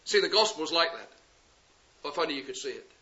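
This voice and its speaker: A man preaching a sermon, impassioned and pleading, swinging from loud urgent appeals to hushed words. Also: fairly high pitch, animated, fairly quick. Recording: dull lo-fi sound.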